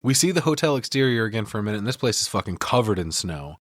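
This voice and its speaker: A man's voice: on the low side, sing-song, quick pace, no echo, clean studio sound. A male podcast co-host giving a profane, casual film breakdown. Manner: profane, storytelling recap.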